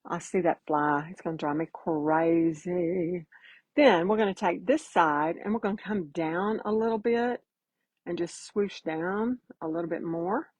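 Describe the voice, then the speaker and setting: A chatty woman with a drawl walks viewers through a live painting demo in a folksy, easygoing way. Her voice sits low and a little husky. The sound is dry and close, with no room around it. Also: measured pace, darkish tone, dry recording, rough recording. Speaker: painting instructor.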